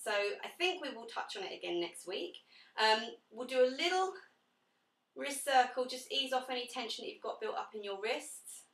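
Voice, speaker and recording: A woman's voice: a little high, animated, moderate pace, a bit bright, far from the mic. A young woman teaching a pilates class, counting breaths and giving friendly corrections to participants. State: out of breath at times. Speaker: pilates instructor. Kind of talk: live online fitness class instruction. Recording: echoey room, away from the mic.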